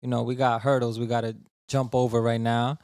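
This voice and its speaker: A man's voice: medium pitch, level tone, fairly quick, a little mellow, clear, resonant tone, no room sound, studio quality. A young man co-hosting a podcast in casual, slangy chat, easygoing and encouraging. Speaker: podcast co-host.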